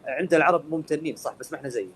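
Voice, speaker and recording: A man's voice: fairly high pitch, slight background noise, poor audio. A man hosting a live online chat, joking and switching between languages, with many filler sounds when he speaks English. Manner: rapid-fire, jokey, hesitant with many uh fillers in English. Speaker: host of a live English practice stream. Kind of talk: bilingual casual live-stream chat.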